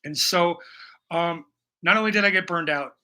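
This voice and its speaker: There's slight background noise behind this man's high-leaning voice, which sounds pushed and bright at normal speed. He hosts a painting livestream from his bedroom, talking casually to viewers with plenty of jokes, swearing, and rambling.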